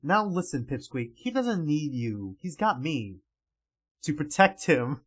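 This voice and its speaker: Man doing a wild female soldier, manic, teasing, high and lively voice. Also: unhurried. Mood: possessive taunting. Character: manic flirty female soldier, loud and unhinged.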